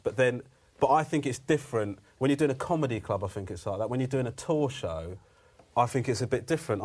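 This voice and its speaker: A man's voice: medium pitch, darkish tone. A man, a comedian guest on a podcast, telling a rambling casual anecdote, often interrupting himself and checking in with his listeners. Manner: rambling, self-interrupting, "do you know what I mean".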